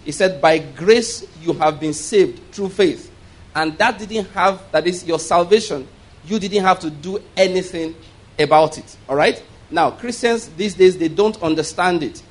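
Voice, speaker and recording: A male pastor preaching, reading scripture slowly with emphasis and having the congregation repeat key words. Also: high voice. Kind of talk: sermon. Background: congregation responding.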